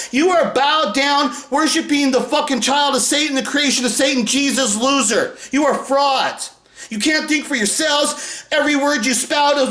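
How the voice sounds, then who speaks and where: A man with a high voice rants furiously and swears nonstop, now and then erupting into shouts. He sounds like he is in an echoey room. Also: moderate pace. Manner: aggressive, profane, shouting bursts. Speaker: commentary video creator. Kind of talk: angry profane rant.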